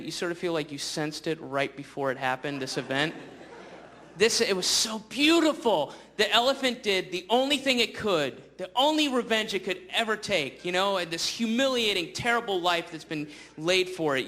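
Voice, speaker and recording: A man doing a stand-up comedy set on a live stage, rambling through a story full of fillers and restarts. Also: high-pitched. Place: live theater stage before an audience. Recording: live show with loud crowd noise.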